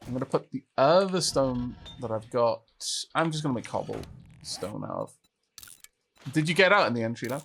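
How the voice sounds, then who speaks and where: A man's voice: medium pitch, wildly swooping pitch, moderate pace, vocal fry, a bit bright. A gamer talks his way through a co-op survival session, musing about building plans and trading easy banter with his partner. He giggles often and apologises readily, and a light background hiss sits under the voice. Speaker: gaming channel host. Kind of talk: co-op gameplay commentary.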